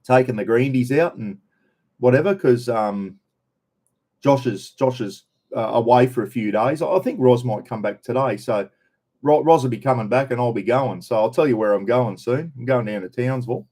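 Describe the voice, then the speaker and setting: A man's voice: medium pitch, normal speed, dark tone. Chatty older Australian man. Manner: chatty, greets viewers by name. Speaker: host of a live stream. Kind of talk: casual live-stream chat.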